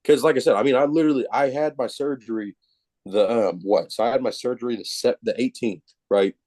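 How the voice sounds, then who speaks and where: As a guest on a podcast, a man recounts a personal story at a brisk pace in a medium-pitched voice. He's casual, animated, self-deprecating and swears a lot, and the recording has no room sound.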